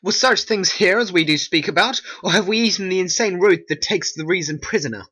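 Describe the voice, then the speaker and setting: A hobby voice actor voicing a troubled, ambitious nobleman in a homemade stop-motion play, speaking in a brooding, measured way. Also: medium pitch, sharp tone, slightly rough. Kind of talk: homemade animation voice acting.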